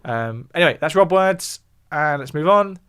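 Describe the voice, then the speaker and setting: Animated and a bit bright, his clean, higher-leaning voice moves at normal speed. This southern English man, from the south of England, is a music YouTuber on a livestream, casually explaining things and reacting to viewer chat between points.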